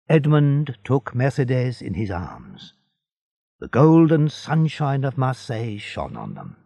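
A man narrating a storybook in a measured, expressive reading. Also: medium pitch, creaky, no room sound.

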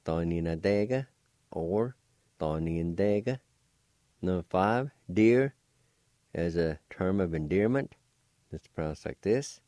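A man hosting a radio language lesson, spelling out letters and pronouncing each word slowly, repeating it. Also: deep voice, lively intonation, dark tone, no room sound, clean studio sound. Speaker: language teacher on radio show.

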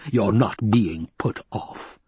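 A man reading an audiobook and voicing a scheming, gluttonous baron, speaking slowly and coldly. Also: a little mellow, slightly rough, dry recording, exaggerated voice. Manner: slow, low, cold and calculating. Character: scheming, gluttonous male baron, cold and wary.

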